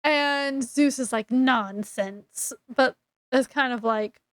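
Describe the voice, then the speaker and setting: Woman book reviewer, high, unhurried voice, chatty recap, dry close sound. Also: steady tone, a bit bright, no echo. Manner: chatty, retells scenes with quoted dialogue.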